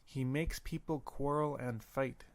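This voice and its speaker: A man teaching a language lesson, slowly repeating words and pausing to think. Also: medium pitch, steady tone, creaky. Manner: slow, careful, repeats words with pauses. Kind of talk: recorded audio lesson.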